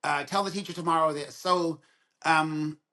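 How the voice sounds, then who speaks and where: At a moderate pace and with a slightly high voice, a man near sixty shares stories as a podcast guest. He works as a dentist, keeps things conversational, and animatedly performs both voices in quoted dialogue.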